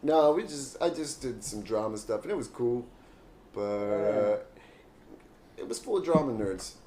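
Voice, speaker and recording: A man's voice: mid-range voice, lively intonation, a little slow, a crowd in the background. A man co-hosting a podcast in crude casual banter, joking, trailing off and laughing often. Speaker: podcast co-host.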